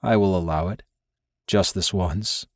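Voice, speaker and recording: A man putting on a hushed, commanding wounded lover. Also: deep voice, unhurried, dry recording, studio quality, pitched below the performer's own voice. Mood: low, commanding. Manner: calm, firm, clipped commands.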